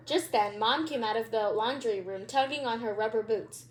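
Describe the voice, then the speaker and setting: A woman's voice: fairly high pitch, moderate pace, hardly any pauses, slight background noise. A woman hosting her channel and reading a children's book aloud, with chatty asides and a few stumbles. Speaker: channel host, read-aloud reader.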